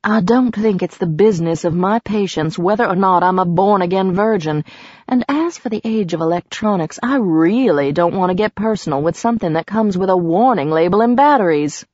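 A woman's voice: lowish voice, expressive, fairly quick, darkish tone, no echo, muffled recording. A woman reading aloud, voicing a wry, sardonic woman who is a sex therapist. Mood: dry. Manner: dry and wry.

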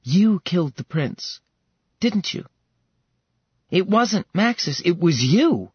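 A woman's voice: on the low side, expressive, normal speed, husky, no echo, dull audio, pitched above the performer's own voice. A man voicing a desperate young woman who is fierce and protective, urgent and pleading in audiobook narration.

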